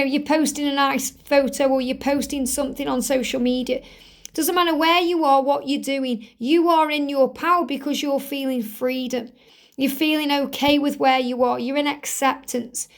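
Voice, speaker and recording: Woman doing a tarot reading, high voice, earnest, talks right to you. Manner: earnest, reassuring, speaks straight to the viewer; repeats key phrases for emphasis. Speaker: tarot reader.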